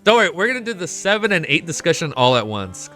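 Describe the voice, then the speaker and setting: An excitable young man chatting on a casual reaction stream, his bright voice leaping up and down in pitch as he swears and laughs his way through. Faint music plays under his talk. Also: fast. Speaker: streamer reacting to a web novel. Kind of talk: casual live reaction chat.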